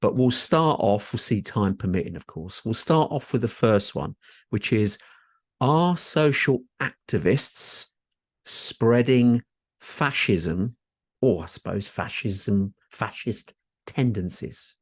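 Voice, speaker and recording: A man's voice: on the low side, lively intonation, takes it slowly, husky, dry recording. A man co-hosting a talk podcast, upbeat and chatty, laughing often. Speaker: podcast co-host. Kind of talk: casual chat.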